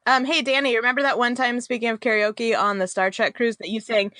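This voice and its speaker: Woman podcast player, bright voice, dry close sound, chatty and giggly. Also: on the high side, steady tone, fairly quick, hardly any pauses, no echo. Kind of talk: casual podcast banter.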